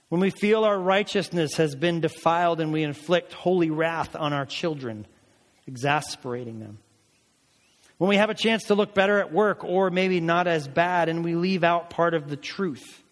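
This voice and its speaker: A man preaching a sermon. He reads scripture aloud with deliberate emphasis, then explains it in plain, conversational words. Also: on the high side. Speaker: pastor. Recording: long reverb of a large hall.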